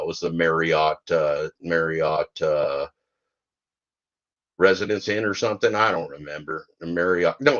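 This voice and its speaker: Rambling low-voiced man, lo-fi sound. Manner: rambling, joking, folksy grammar. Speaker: podcast host. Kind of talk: rambling comic monologue.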